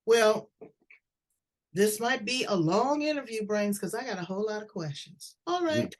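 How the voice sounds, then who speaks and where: A woman's voice: medium pitch, normal speed. A woman hosting an interview, chatty and blunt, telling stories as she asks questions. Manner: blunt, chatty, animated storytelling. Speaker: talk show host. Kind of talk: interview, casual chat.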